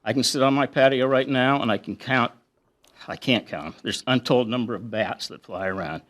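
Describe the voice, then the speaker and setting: Middle-aged guy at a council meeting podium, earnest, lists his points one by one, medium pitch. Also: moderate pace, a bit bright. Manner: earnest, lists points and reads quotes aloud. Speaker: resident giving public comment. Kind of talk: prepared public comment at a council meeting.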